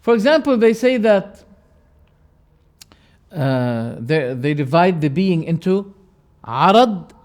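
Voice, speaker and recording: A man teaching a lecture on religious creed, emphatic and repeating key words, with sharp rises and quiet drops. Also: sits high, sing-song, slow pace, pauses often.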